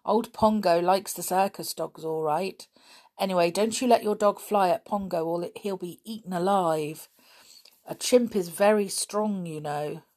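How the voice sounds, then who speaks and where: A woman's voice: lowish voice, a little slow, natural voice. A woman doing a cheery circus boy. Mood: friendly. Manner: excitable, folksy. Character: cheery circus boy, friendly and rough-spoken.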